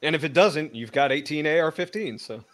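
A man's voice: on the high side, fairly quick. A man cracking profane jokes and telling rambling bits on a casual livestream. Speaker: guest.

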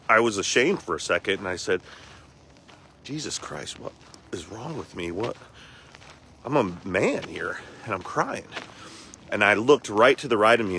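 A man, talking candidly and with feeling in a casual video diary recorded outdoors in the cold, with rough language. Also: lowish voice, sharp tone, slight background noise. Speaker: vlogger.

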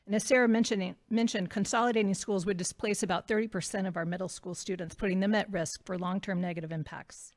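A woman giving prepared public comment as a parent at a school board meeting, running through numbered points quickly. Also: medium pitch, fairly even intonation. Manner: rapid, itemized delivery.

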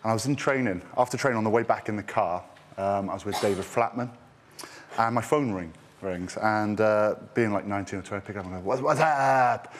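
Low-voiced man telling a studio anecdote. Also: quick pace, a little hiss or hum. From Wales. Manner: chatty storyteller, laughs often. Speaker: studio guest, former rugby player.

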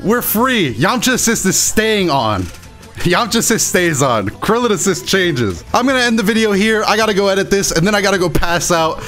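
A man reacting excitedly as a gaming YouTuber, exclaiming and repeating phrases over and over. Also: high-pitched, normal speed, soft background music. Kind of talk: excited live reaction commentary.

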